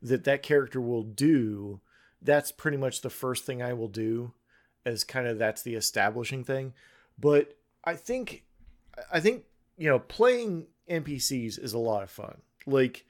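A man who runs tabletop games, chatting casually on a podcast and often stopping to restart his thoughts. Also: medium pitch. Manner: halting, full of restarts. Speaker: tabletop game master.

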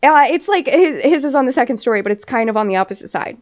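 A woman podcast host tells a story in casual chat, laughing often and swearing freely as she rambles through fillers. Her voice sits a little high and comes through dull, lo-fi audio. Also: expressive, fast, darkish tone. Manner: laughs often while telling.

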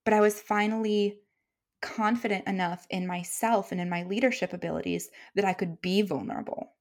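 A woman in her thirties talks openly and warmly as a podcast guest, sharing stories from her own experience. She laughs easily between thoughts, and her voice sits at an ordinary middle pitch. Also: a little fast, creaky. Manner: open and emotional, laughs often while telling stories. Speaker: guest, military commander and leadership coach. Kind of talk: candid conversational storytelling.

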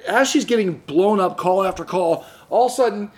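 A man with a fairly high voice tells a story on a casual podcast. He is animated, jumps into the voices of the people in the story, and trips over his words as he goes. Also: fairly quick, slightly rough. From San Diego area. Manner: animated, acts out quoted voices, frequent restarts. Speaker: podcast host.

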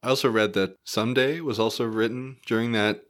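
Male podcast guest, low-ish pitch, dry and deadpan. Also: fairly quick. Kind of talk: casual chat.

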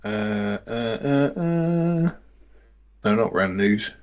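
A man's voice: on the low side, animated, takes it slowly, darkish tone, lo-fi sound. A British man co-hosting a podcast in casual chat, laughing easily and mocking himself. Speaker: podcast co-host.

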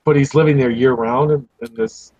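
A man's voice: medium pitch, fairly even intonation, moderate pace, dark tone, no echo, muffled recording. Male podcast host, casual, inquisitive, a bit profane. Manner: curious, asks many questions, swears casually. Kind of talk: casual group chat.

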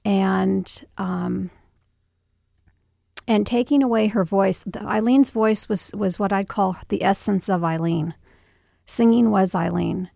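A middle-aged mother in an interview, recounting a painful memory in a halting, emotional way with many restarts. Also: mid-range voice, gravelly, warm tone, no echo, studio quality. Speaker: guest, mother. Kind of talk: personal storytelling interview.

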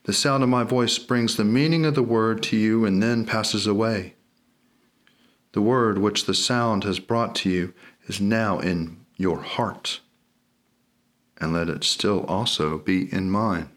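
A man with a somewhat low voice reads a sermon aloud. His delivery is solemn and measured, steady and reverent. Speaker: reader. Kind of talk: solemn liturgical reading.

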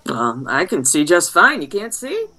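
A woman's voice: on the low side, huge pitch swings, moderate pace, pushed and bright. A woman playing a tabletop game in character, sassy and fond of old-timey slang. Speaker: player. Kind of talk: in-character tabletop role-play.

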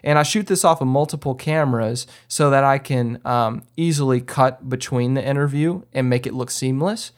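A man's voice: mid-range voice, normal speed, hardly any pauses. A man hosting a podcast, explaining filmmaking in a loose, conversational way and acting out what he tells people on set. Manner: conversational, many fillers and restarts, acts out his own directions. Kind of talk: casual instructional talk.

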